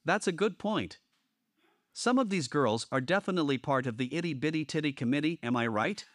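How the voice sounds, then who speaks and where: A text-to-speech man voicing a chummy young store clerk who cracks crude jokes. The voice sits a touch high and sounds dry and close. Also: animated, brisk, no echo, natural voice. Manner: friendly, crude joking.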